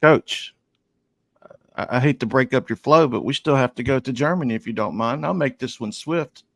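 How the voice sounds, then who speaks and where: A man giving soccer betting picks on a live show, polite and brisk. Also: mid-range voice, vocal fry, a bit bright, no echo. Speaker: co-host, betting analyst.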